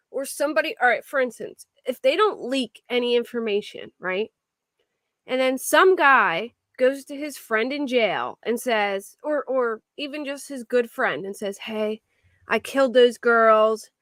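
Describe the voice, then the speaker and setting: A woman's voice: a little high, lively intonation, a little slow, a bit bright, no echo, studio quality. A woman hosting a true crime livestream, chatting casually with viewers in a rambling way, full of restarts. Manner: rambling, restarts and filler words. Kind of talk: casual chat reacting to viewer comments.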